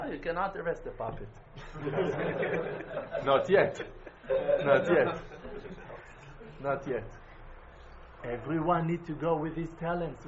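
Man, emphatic religious teacher; high-pitched, faint background noise on a muffled recording. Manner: emphatic, swings from loud exclamations to quiet intensity. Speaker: Breslov Hasidic teacher. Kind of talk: impassioned religious talk.

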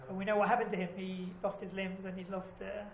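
A woman's voice: medium pitch, little pitch movement, quick pace, darkish tone. A woman teaching an informal class, chatty and often asking "right?" as she explains. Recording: echoey room, background noise.

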